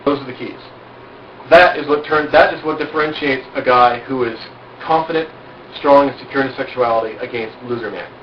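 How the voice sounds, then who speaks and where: Medium-pitched and brisk, a man holds court at an outdoor cookout, giving a small group casual instruction in a confident, outspoken, bragging style loaded with rhetorical questions. The amateur recording feels roomy, dull and far away, with slight background noise.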